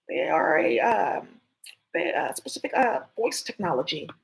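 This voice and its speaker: Gravelly, very husky vlogger rambling through a conspiratorial monologue, casual and full of fillers. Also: mid-range voice, very animated, moderate pace, rough recording.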